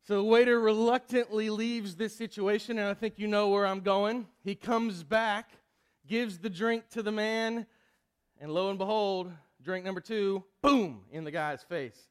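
High-voiced pastor telling a story. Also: male voice, fairly even intonation, measured pace, clear, resonant tone. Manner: storytelling, conversational with stammered restarts. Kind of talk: sermon.

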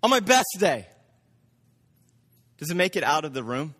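A man preaching from the front of a church, his voice pitched high and ringing bright. He works himself up until he is loud and excited, stumbling over doubled words as he pushes ahead. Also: normal speed. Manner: excitable, gets loud and amped up; repeats words when he speeds up. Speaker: pastor. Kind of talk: sermon.

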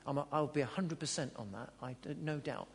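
A man preaching a sermon in a church hall, earnest, swinging between loud emphatic lines and quiet low ones. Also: fairly quick, gravelly. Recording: long hall reverb.

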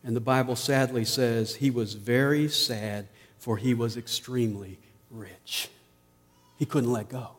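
A man preaching a sermon as pastor, rising to emphatic peaks and dropping to quiet asides. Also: medium pitch, steady tone, unhurried, in a large hall.

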